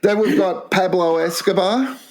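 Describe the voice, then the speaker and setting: An older man, trading crude jokes on a comedy podcast. He speaks in a slightly high voice, slowly and deadpan, and swears freely. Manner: profane, deadpan, slow storytelling delivery. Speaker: podcast co-host.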